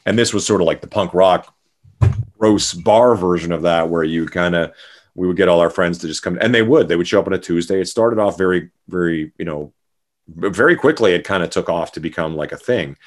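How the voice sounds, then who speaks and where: Speaking a little fast in a low voice, this middle-aged musician from Canada is a guest in a casual interview. His answers wander, full of fillers and false starts.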